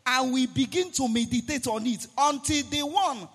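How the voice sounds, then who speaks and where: A man with a Nigerian accent preaching a sermon, animated and sing-song, rising now and then to a shout. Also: very high voice, moderate pace, breathy edge. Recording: long hall reverb.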